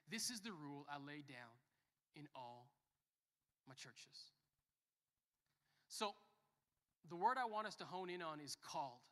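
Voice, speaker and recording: A young man preaching a sermon as a pastor, joking and telling stories, swinging from quiet to loud. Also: fairly high pitch. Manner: lively, joking storyteller who shifts between soft and loud. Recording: long reverb of a church hall.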